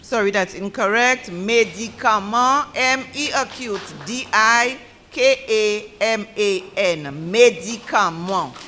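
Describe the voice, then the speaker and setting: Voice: medium pitch, takes it slowly, pushed and bright, a little hiss or hum. A spelling bee pronouncer who speaks formally and corrects contestants letter by letter. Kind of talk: slow, deliberate word pronouncing and spelling.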